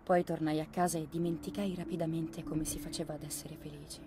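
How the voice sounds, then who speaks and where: A woman voicing a young woman who recalls her past in a somber, measured game voice-over. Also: low-pitched, little pitch movement, noisy background. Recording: voice-over under loud game score. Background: loud game music.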